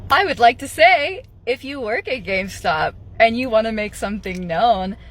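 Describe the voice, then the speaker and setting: A woman's voice: a little high, expressive. Sarcastic young woman ranting. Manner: sarcastic, laughing, quick asides. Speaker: retail worker telling of being fired. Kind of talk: casual vlog rant.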